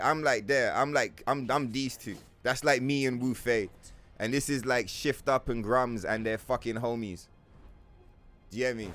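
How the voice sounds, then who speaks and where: A man's voice: mid-range voice, a bit bright. A young man streaming a game, ranting casually with lots of profanity and playful mock voices. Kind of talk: casual livestream rant while gaming.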